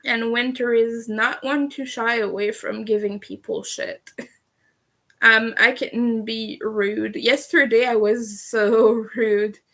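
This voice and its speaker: A woman's voice: fairly high pitch, little pitch movement, slow, a bit bright. A Canadian woman hosting a casual livestream while she crochets, chatty, laughing often and swearing casually. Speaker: livestream host.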